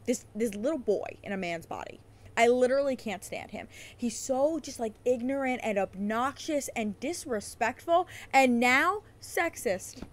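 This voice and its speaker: A woman's voice: a little high, animated, measured pace. A woman hosting a podcast, ranting in a heated, sarcastic way and swearing often. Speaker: podcast host. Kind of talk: casual profane rant.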